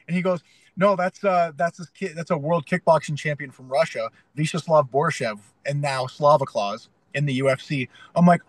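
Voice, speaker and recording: Animated storytelling man, dry close sound. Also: on the high side, moderate pace, no room sound, rough recording. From Canada. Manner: animated storyteller, acts out his own past lines. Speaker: UFC fighter and coach. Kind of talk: casual interview storytelling.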